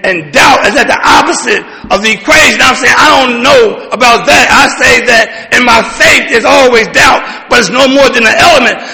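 A man with a strikingly high, gravelly and piercingly bright voice pours out his story at a recovery meeting. He often breaks into shouts and speaks in a rolling, preacher-like rhythm with blunt profanity. His voice rings through a big hall with a long echo. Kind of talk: impassioned personal testimony.

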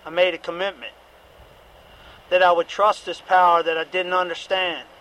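A man's voice: high voice, little pitch movement, moderate pace, bright, forceful tone, poor audio. A middle-aged man giving a candid, repetitive personal testimony at a recovery meeting, with occasional profanity.

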